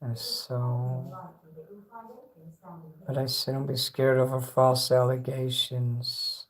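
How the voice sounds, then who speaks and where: A man's voice: medium pitch, completely flat delivery, slow. Rambling, swearing man livestreaming. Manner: rambling and profane, talks straight to chat. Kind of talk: casual livestream chat with viewers. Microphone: phone.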